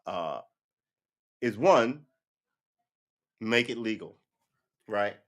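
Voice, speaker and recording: A man's voice: fairly low pitch, lively intonation, very slow. Rambling, profane male stream commentator. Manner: rambling, profane and joking, addresses viewers as boys and girls; thinks aloud, often restarts and self-corrects. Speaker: live-stream news commentator. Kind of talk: casual political commentary.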